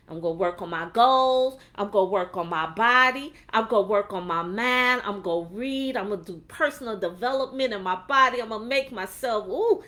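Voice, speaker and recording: A woman giving a faith-based motivational talk on a livestream, animated and preachy, acting out quotes along the way. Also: on the high side. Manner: animated, preachy, laughs often, acts out quotes. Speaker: motivational speaker.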